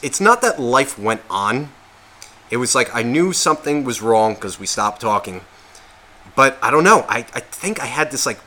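A man with a bright, forward voice at an ordinary pitch rambles through a casual podcast chat. He swears constantly, restarts his sentences and questions himself out loud. When worked up, he turns loud and heated. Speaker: podcast co-host.

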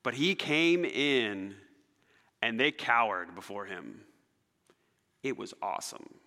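A male pastor preaching a sermon, telling stories dramatically and swinging between loud emphasis and near-whispers. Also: fairly low pitch, slow pace. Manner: animated, dramatic storytelling with shifts between loud and soft. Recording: long hall reverb.

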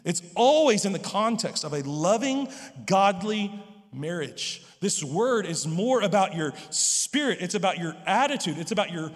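A man's voice: high-pitched, animated, normal speed, long reverb tail. A pastor preaching an earnest sermon in a church, often repeating words as he starts a thought. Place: church sanctuary.

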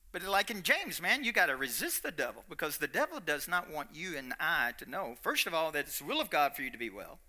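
Man, Kentucky accent, preacher, folksy, emphatic, very bright tone. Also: on the high side, a little fast, hardly any pauses. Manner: animated, folksy, repetitive, swings between quiet and loud. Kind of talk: sermon.

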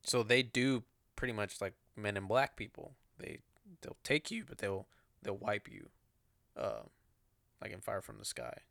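A man's voice: lowish voice, unhurried, creaky, fairly bright tone, no echo, clean studio sound. A man co-hosting a podcast, swearing freely as he speculates in loose casual chat.

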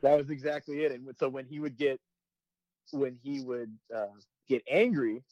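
A man in his twenties, a firefighter and comedy video creator, chatting casually and breaking into loud quoted voices as he tells stories. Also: mid-range voice, moderate pace, no room sound, dull audio. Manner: animated storytelling, jumps into loud quoted voices. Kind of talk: casual podcast chat.

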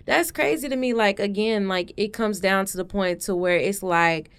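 Lady cohost going off, playful and emphatic, clean smooth voice. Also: medium pitch. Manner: emphatic, playful, quick reactions. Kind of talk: casual banter.

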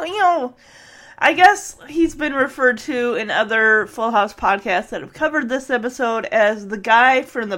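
A woman's voice: on the high side, a bit bright. A woman hosting a podcast, recapping a sitcom episode in a chatty way and acting out the characters' lines. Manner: chatty, acts out quoted lines with laughs. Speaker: podcast host.

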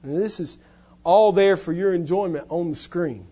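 A male pastor preaching a sermon, stressing key words loudly and then dropping to hushed, low lines. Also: moderate pace.

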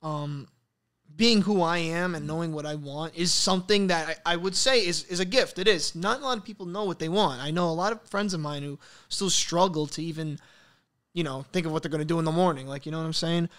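A man's voice: fairly high pitch, fairly quick. A young man with a heavy Brooklyn Italian American accent, chatting casually as a podcast guest and laughing often while telling stories. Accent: Brooklyn Italian American New York. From New York. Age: young adult. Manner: laughs often, animated storytelling. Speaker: guest content creator.

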